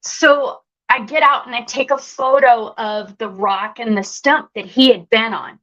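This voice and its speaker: A woman's voice: a little high, unhurried, fairly bright tone, dull audio. A woman guest telling a personal story with animation, acting out the voices she quotes.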